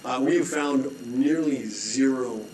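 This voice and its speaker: A middle-aged man telling a story as a guest, animated, with frequent restarts and throat-clearing. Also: mid-range voice, slow pace, a little hiss or hum. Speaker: rescue mission director, guest. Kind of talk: storytelling, conversational preaching. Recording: echoey room.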